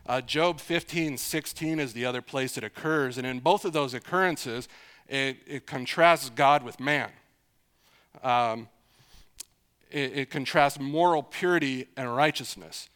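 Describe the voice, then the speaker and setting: A man's voice: medium pitch, unhurried, a bit bright. A middle-aged man preaching an expository sermon in a conversational way, repeating phrases for emphasis and asking his listeners questions.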